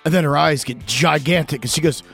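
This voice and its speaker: A man casually telling a funny personal story on a radio show, animated and laughing, his voice jumping high at the dramatic moments. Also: fairly quick, vocal fry, soft background music.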